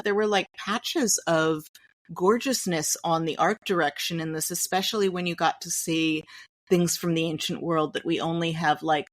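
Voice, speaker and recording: A woman co-hosting a film podcast, giving a wry, explanatory review in casual chat. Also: low-pitched. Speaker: podcast co-host.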